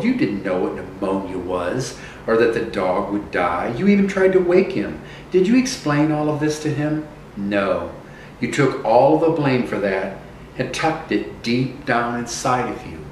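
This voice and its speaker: A man voicing a kind female fairy godmother with silver wings, who asks questions in a gently insistent way. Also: mid-range voice, slight background noise. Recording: echoey room from a distance.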